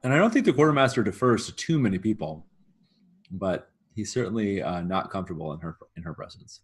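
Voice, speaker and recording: A man's voice: lowish voice, big pitch swings, a little fast, husky. A man playing a tabletop game, explaining his character in a casual, rambling way. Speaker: player.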